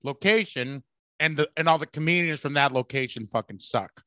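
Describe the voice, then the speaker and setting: A man's voice: a little high, normal speed, sharp tone, no room sound. A man from the Bay Area hosting a podcast, chatting casually, rambling and swearing freely. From San Francisco Bay Area. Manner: profane, rambling, bursts into laughter. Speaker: podcast host.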